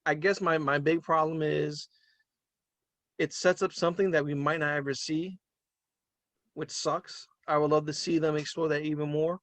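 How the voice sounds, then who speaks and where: Man, casual co-host, a bit high-pitched, dry close sound, opinionated and animated. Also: moderate pace, dry recording. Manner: animated, laughs often, trails off with "um". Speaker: podcast co-host. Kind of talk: casual movie review chat.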